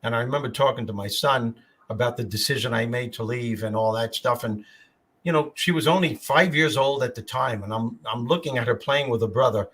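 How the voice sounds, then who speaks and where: An older man with a New York accent, hosting a podcast and telling stories in a husky voice. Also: mid-range voice, fairly quick. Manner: storytelling, animated. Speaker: podcast host. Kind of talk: casual chat.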